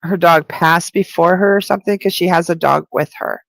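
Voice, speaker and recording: A woman's voice: fairly low pitch, fairly even intonation, moderate pace, gravelly, hardly any pauses, dry recording, poor audio. A woman working as a psychic medium who gives a live-streamed spirit reading. She talks in a chatty, rambling way, full of "like," with light laughter.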